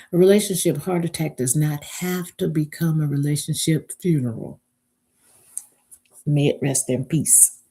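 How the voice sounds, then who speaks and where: A woman delivers a live motivational talk in an unhurried, deliberate voice. Her tone is husky and mellow, a little low for a woman. She stresses her points emphatically and spells key words out letter by letter. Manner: rallies listeners to repeat after her. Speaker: relationship speaker.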